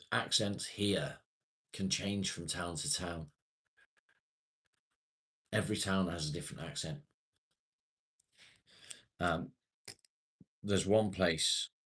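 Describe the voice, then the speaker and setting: Deep husky-voiced British man chatting. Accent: British English. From England. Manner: rambling, chatty with viewers, swears casually. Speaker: live streamer. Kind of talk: casual livestream chat.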